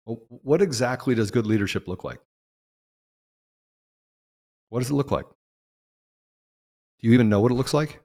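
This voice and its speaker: A man hosting a political talk show, speaking in an impassioned monologue that swings from loud peaks to low asides. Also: a little fast, long reverb tail. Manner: emphatic, rising to loud peaks and dropping low. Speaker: podcast host.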